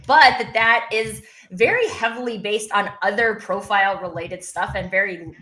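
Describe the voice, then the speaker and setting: A woman co-host talks in a bright, chatty way, hedging with fillers as she builds her point. Her voice rings a little in an echoey room. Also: mid-range voice, normal speed. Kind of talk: casual chat.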